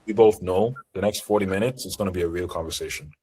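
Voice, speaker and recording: Low-quality audio captures a sales trainer's low, dark, husky voice moving at a quick pace. He's running a live seminar on an online group call, and his coaching is assertive and direct.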